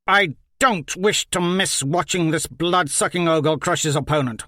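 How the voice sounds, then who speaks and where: A man's voice: fairly high pitch, moderate pace, no echo, studio quality, pitched above the performer's own voice. A man doing a scornful, cruel lord. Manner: scornful, loud and commanding. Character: arrogant cruel male lord.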